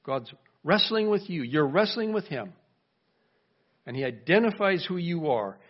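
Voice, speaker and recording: A man preaching a sermon in a lively way, acting out the voices he quotes and asking his congregation questions. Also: fairly high pitch, a little slow. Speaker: pastor. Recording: dull lo-fi recording.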